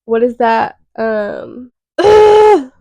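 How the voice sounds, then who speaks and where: Candid young woman with a gravelly voice. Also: a little high, very animated, very slow, dark tone, no echo, rough recording. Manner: frank and rambling, swears casually. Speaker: vlogger. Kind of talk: candid self-reflective monologue.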